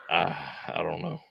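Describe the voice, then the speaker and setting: A young adult male host chatting loosely on a livestream, jokey and self-mocking. His voice swoops high and low as he talks. The sound is close and dry, with no room around it. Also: creaky, no room sound, muffled recording. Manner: animated, joking, self-deprecating. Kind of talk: casual livestream interview chat.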